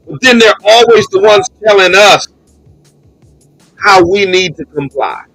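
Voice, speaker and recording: An impassioned bishop hosting a live call-in show, his voice bright and forceful. He talks slowly and leans on repeated words for stress. The sound is dry and close, with faint music underneath. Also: high-pitched, lively intonation, no room sound, low-quality recording. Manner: emphatic, repeats words for stress, rising to a shout.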